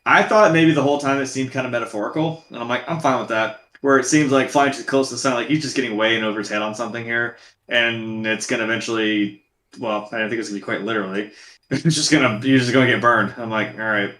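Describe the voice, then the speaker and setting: Casting: man, podcast co-host, talks quickly and swears a lot, bright tone, slightly roomy sound. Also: medium pitch. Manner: profane, animated, acts out his reactions in quotes. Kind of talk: casual movie review chat.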